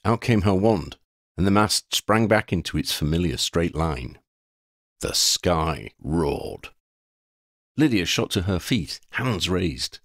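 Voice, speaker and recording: A man reads a storybook aloud in a dramatic, measured way. His voice is low with a lively, varied pitch, and it is recorded close and dry. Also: no room sound. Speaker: audiobook reader. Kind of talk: storybook narration.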